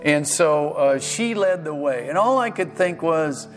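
A male pastor preaching a sermon, telling a self-deprecating story with halting restarts and acted-out dialogue. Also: fairly high pitch, animated, over music. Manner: halting restarts and repeated words.

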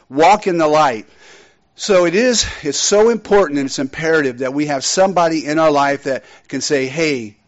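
A male pastor preaching a conversational, folksy sermon full of asides to his congregation. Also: on the high side. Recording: dull lo-fi sound.

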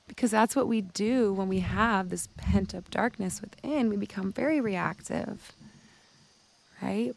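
A women's life coach with a medium-pitched, gravelly voice gives a motivational talk. She tells a story, casually performing other people's lines and swearing now and then.

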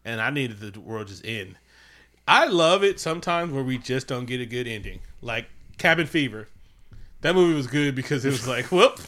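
Man, bright tense voice, casual comedic chat, animated, profane, mocking impressions. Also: mid-range voice, moderate pace. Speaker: podcast co-host. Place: home.

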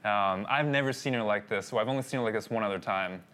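A man's voice: lowish voice, fast, fairly bright tone. A man telling a personal story in a sermon, talking casually and addressing his listeners as guys. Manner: conversational, addresses audience as guys. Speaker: pastor.

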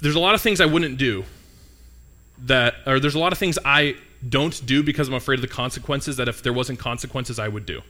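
In a bright, pushed voice of medium pitch, a young man gives a laid-back, conversational sermon, asking the congregation questions and joking with those listening.

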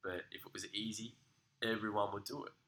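A man with a very bright, forceful voice that sits a little low in pitch. He co-hosts a relaxed podcast and keeps up energetic, sweary motivational banter. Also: fairly quick, low-quality recording. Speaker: podcast co-host. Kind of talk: casual chat.

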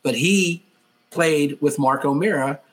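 A man's voice: fairly high pitch, takes it slowly. Rambling man hosting a podcast. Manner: rambling, with filler words. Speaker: radio show host. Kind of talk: casual podcast chat.

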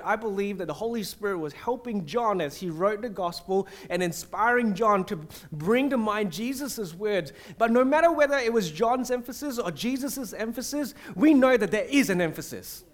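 A man with a high voice delivers a sermon in an animated, conversational way. He slips into acted-out prayers and quotes and restarts his sentences as he goes. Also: moderate pace, hardly any pauses. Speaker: preacher.

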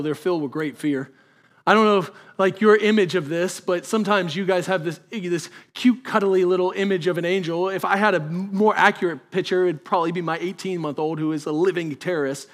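A pastor, speaking with a fairly high voice. He delivers a sermon in a conversational way, talking straight to the congregation and building to emphatic peaks. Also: fast.

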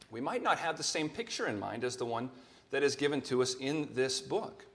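Guy preaching a sermon in church, earnest, gets louder when he quotes scripture, regular mid voice. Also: mid-range voice. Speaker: pastor.

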